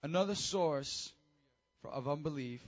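A man preaching a casual, high-energy sermon to teenagers as youth pastor, with call-and-response. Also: unhurried, muffled recording.

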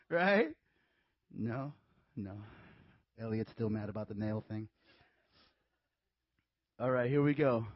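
A man's voice: medium pitch, slow pace, pauses often, dry recording, highs cut off. A man preaching a casual, joking sermon to young adults, acting out voices and slipping in asides. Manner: animated, acts out voices, jokey asides. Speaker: youth pastor.

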